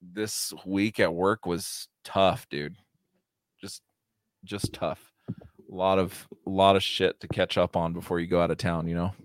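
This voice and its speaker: A man's voice: sits low, flat delivery, measured pace, no echo, studio quality. A man in his thirties with an American accent, co-hosting a podcast in casual chat, swearing a lot and laughing often. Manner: calls everyone dude. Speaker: podcast co-host.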